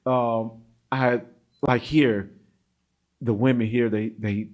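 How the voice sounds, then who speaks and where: A middle-aged African-American man from the United States, an interview guest telling stories in a lively, laughing way and acting out what people said. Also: medium pitch, slow pace. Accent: African-American English. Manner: animated, laughs often, acts out quoted voices. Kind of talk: casual storytelling interview.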